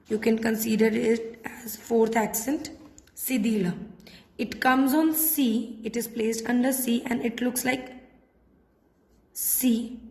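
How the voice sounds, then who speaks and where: Lady teaching french, slow and patient, bit high voice. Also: darkish tone. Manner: patient, repeats letters and words slowly. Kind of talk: classroom lesson. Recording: echoey room with long reverb.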